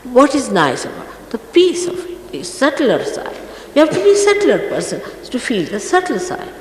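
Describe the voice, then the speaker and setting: A woman's voice: high-pitched, huge pitch swings, normal speed. Stern woman teacher, echoey old recording. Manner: stern and admonishing, emphatic. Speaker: spiritual teacher. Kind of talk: scolding spiritual talk to followers. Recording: echoey archive recording from a hall, faint noise.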